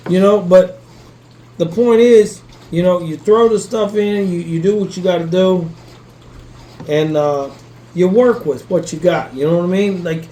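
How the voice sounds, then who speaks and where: The rough recording carries a little hiss or hum under a man's high, darkish voice. He hosts a casual kitchen cooking vlog, rambling and casually swearing as he cooks, speaking directly to viewers and often asking "you know what I mean."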